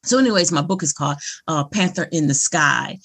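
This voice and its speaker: A middle-aged woman with a husky, slightly low voice hosts a casual interview. She speaks earnestly and encouragingly, drawing on personal stories to make her point. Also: lively intonation, brisk, fairly bright tone. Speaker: podcast host.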